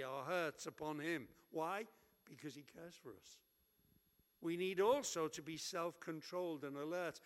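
A man preaching a sermon as pastor, lively and humorous, acting out little prayers. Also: on the high side. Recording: long hall reverb.

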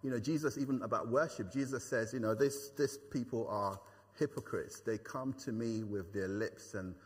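A man's voice: medium pitch, normal speed, husky. A man preaching a sermon to his church, conversational and earnest, with frequent fillers and repeated phrases. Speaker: pastor. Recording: long reverb of a hall.

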